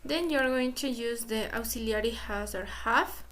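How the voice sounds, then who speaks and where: A woman's voice: fairly high pitch, fairly bright tone. A woman whose first language is Spanish, teaching an English grammar lesson to students, explaining step by step and often saying "okay". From Ecuador. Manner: slow, deliberate explaining, repeats "okay" often.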